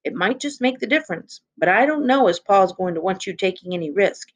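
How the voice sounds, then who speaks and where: Earnest rural teen boy, quick and urgent; woman narrator. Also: medium pitch, lively intonation, natural voice. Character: hurried country teenage boy Jessie.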